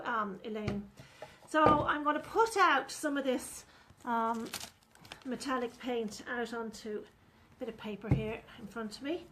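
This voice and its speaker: A woman's voice: sits high, a bit bright, slight background noise. A woman, chatting through a live furniture painting demonstration and talking to viewers as she works. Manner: chatty, talks viewers through each step.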